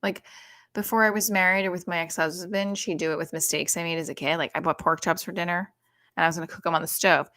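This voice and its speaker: A woman in her thirties doing casual, profane stand-up on a livestream, rambling with many fillers and often talking quietly. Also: on the low side, fairly even intonation, fast talker. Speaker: stand-up comedian.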